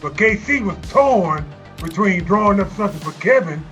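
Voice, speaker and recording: A former basketball player telling a story in an amused, chuckling way. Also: male voice, high-pitched, expressive, normal speed, a bit bright, faint music behind. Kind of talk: casual storytelling.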